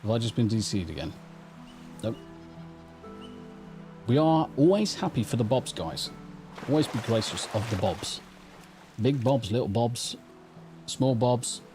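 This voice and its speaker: A middle-aged man with an English accent streams a game live, talking into a studio mic connected to a mixing console as soft music plays. His mid-range voice is animated yet unhurried and pauses often, and his casual talk wanders, full of swearing and self-deprecation.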